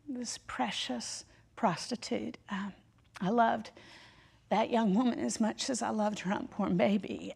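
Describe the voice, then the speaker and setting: A woman with a gravelly, mid-pitched voice delivers a heartfelt sermon story. She speaks emphatically, slowing and pausing for weight. Her delivery has the warmth of a women's Bible study teacher. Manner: emphatic, heartfelt, dramatic pauses.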